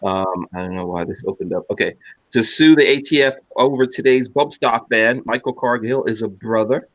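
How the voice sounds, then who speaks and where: Podcast host, male, mid-pitched, rambling casual delivery with filler words. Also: moderate pace. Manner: rambling, teasing, many fillers.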